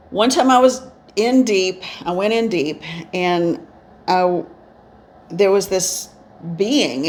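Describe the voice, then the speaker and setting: Soft-spoken rambling woman medium. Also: fairly low pitch, slight background noise. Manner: rambling, reflective, with many restarts. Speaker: spiritual medium. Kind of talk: instructional storytelling. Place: indoors, eyes often closed while talking.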